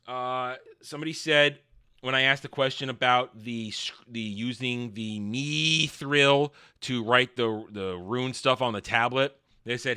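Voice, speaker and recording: A man hosting a casual show review, animated and sarcastic. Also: mid-range voice. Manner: animated and sarcastic, jumping into voices.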